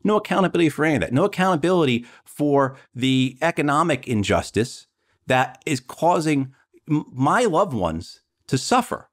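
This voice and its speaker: A man's voice: a little high, very animated, moderate pace. A man, a political candidate, talking earnestly in a podcast conversation and often repeating words as he builds his point. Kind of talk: conversational interview talk.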